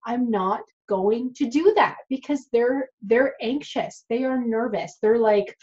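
A woman's voice: fairly high pitch, slow pace, darkish tone, lo-fi sound. A woman, a dental hygienist, talking casually and frankly to the camera and addressing her viewers directly.

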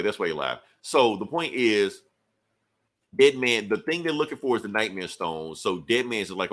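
A man talks through a casual podcast in a loose, rambling style, swearing freely as he recaps. His voice sits on the low side. It has a bright, forceful edge. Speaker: podcast host.

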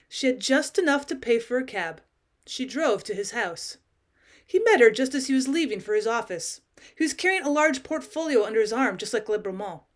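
Female teacher narrator, audiobook reading, expressive, lively pitch, slightly high.

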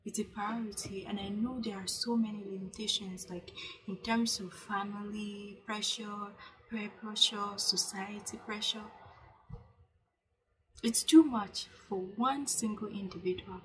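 A young woman talks straight to camera, giving earnest self-care advice in a loose, chatty way. She circles back and repeats herself, full of "like" and restarts, and urges listeners to say things out loud. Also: mid-range voice, steady tone, unhurried, rough recording. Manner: coaching, urges viewers to speak aloud. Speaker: vlogger. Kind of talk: casual self-help talk to camera.

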